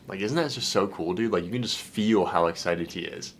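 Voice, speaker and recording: A young man, a dating coach, talking casually to camera in an excited, slangy way, swearing and saying "dude" a lot. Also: deep voice, brisk, a little hiss or hum. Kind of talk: casual vlog, reacting to a client's messages.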